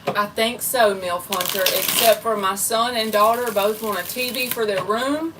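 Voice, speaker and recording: A woman's voice: mid-range voice, normal speed, distant mic, noisy background. A woman tarot reader chatting casually and rambling on a live stream, talking straight to her viewers. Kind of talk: casual livestream chat.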